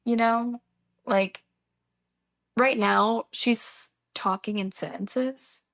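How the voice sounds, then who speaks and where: Creaky-voiced young mom chatting. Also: female voice, on the high side, steady tone, very slow, fairly bright tone, dry recording, studio quality. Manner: chatty, laughs while telling stories. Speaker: podcast co-host. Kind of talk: casual chat.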